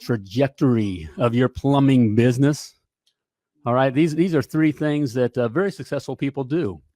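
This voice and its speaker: A middle-aged man hosting a live talk show, energetic and repetitive, tossing in "all right?" and "hey" between lines. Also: mid-range voice, moderate pace, dry recording, studio quality.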